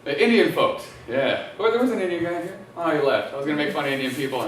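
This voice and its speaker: A man doing a live stand-up set on a restaurant stage, crude and loud, laughing at his own jokes. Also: a little high, animated, fast, recorded from a distance, very noisy. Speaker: stand-up comedian. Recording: echoey room heard from afar.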